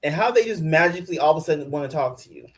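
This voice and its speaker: A man's voice: fairly high pitch, animated, very fast. A man co-hosting a casual recap podcast, talking loosely and leaning on filler words. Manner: loose, conversational, heavy on fillers like "like". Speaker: podcast co-host.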